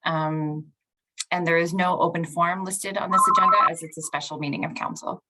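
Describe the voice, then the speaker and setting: Low-voiced woman giving procedural advice. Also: steady tone, brisk, heavy background noise. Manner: matter-of-fact, procedural. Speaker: municipal clerk.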